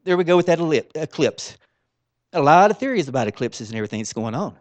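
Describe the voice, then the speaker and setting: A man preaching a sermon, swinging between soft asides and loud exclamations in a folksy, informal way. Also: a little high, sing-song, fast, dry recording, muffled recording.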